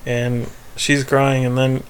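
A man's voice: medium pitch, monotone, slow, clean tone. A man co-hosting a podcast, chatting casually as he recaps a TV episode, rambling, laughing and acting out quoted lines. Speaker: podcast co-host.

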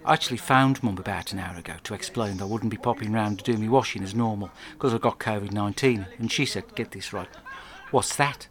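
A man telling a crude, rambling story in a deadpan comic video diary, speaking alone into a close mic at home. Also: on the low side, fast talker, hardly any pauses. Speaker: comic monologue narrator.

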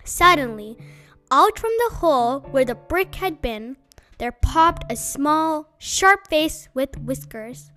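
Woman storyteller, high bright voice, lively reading, slow pace, faint music behind. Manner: slow, expressive.

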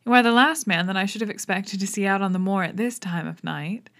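A woman doing a fussy, jittery gentleman naturalist. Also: mid-range voice, brisk, close to an everyday voice. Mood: startled. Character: eager fussy male naturalist, sly and nervous.

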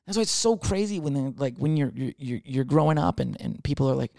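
A man's voice: medium pitch, quick pace, gravelly, darkish tone, no room sound, studio quality. A man in his twenties telling a rambling, profane comic monologue with lots of restarts. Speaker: comedian.

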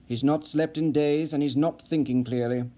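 A man reading an audiobook, voicing a composed intelligence official who speaks softly and evasively. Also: on the high side, fairly even intonation, moderate pace, lightly acted. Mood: dismissive. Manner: soft-spoken, composed, evasive. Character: smooth cold male intelligence official.

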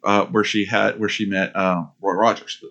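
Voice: sits low, normal speed, dull audio. A podcast co-host chatting casually, joking and tossing in silly quoted voices. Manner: expressive, jokey, puts on silly quoted voices. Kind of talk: casual chat.

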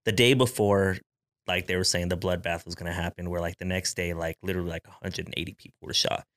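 A man with a fairly low voice recounts a wild night out in a podcast chat. He talks loosely, sprinkling in bro and dude, and rushes through some stretches. The sound is dry and close, with no room around it. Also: steady tone, a bit bright, no echo. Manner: laid-back storyteller, loose with slang like bro and dude. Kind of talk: casual storytelling chat.

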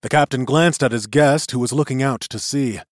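A man narrating a chapter of a novel in an expressive storytelling voice. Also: mid-range voice, moderate pace, no echo, clean studio sound. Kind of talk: audiobook narration.

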